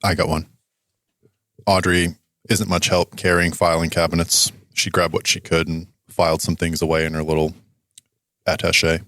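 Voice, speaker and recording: A man's voice: low-pitched, level tone, normal speed, a bit bright, no room sound, studio quality. A man playing in a tabletop role-playing game, describing what his character does. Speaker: player. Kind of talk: casual play at a tabletop game.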